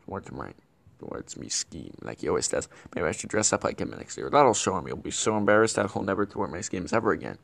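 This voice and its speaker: Speaking fast in a low, sing-song, creaky voice that's a bit bright and exaggerated, a man hosts a comedic web show as a bumbling, scheming villain. He rambles along, tripping over his words and correcting himself in this character vlog.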